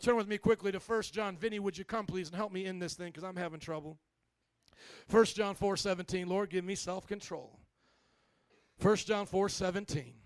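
A man preaching a lively, sassy sermon as pastor, calling out to the congregation. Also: high voice, normal speed, smooth, no echo, studio quality.

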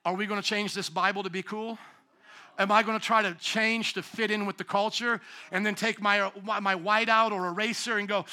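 A middle-aged pastor delivering a sermon in a strikingly high voice. His tone is bright and piercing. He moves between quiet, low passages and loud, shouting peaks. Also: moderate pace. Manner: dynamic preaching, swinging from hushed to shouting.

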